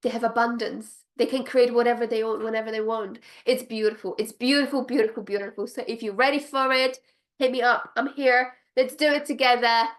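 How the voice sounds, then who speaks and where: A woman's voice: a little high, brisk. A woman business coach speaking straight to her viewers, gushing and emphatic, repeating her phrases to drive them home. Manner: bursts of excited laughter. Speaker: business coach for spiritual entrepreneurs. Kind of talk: direct-to-camera pitch.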